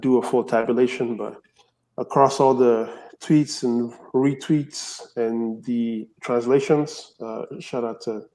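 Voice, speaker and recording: A man on the team presenting updates on a casual community call, chatty and filling pauses with "you know" and "um". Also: mid-range voice, darkish tone, low-quality recording.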